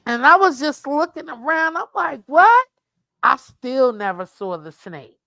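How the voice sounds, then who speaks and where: A woman's voice: sits high, measured pace, dry recording. Woman spinning a wild, profane story. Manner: animated storyteller, swears freely, calls listener "child". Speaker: streamer, co-host. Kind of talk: casual chat while crafting.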